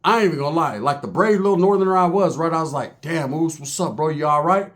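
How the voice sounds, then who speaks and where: Animated, profane male storyteller. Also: fairly high pitch, quick pace. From California. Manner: animated, crude, acts out other people's voices. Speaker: former prisoner telling a story.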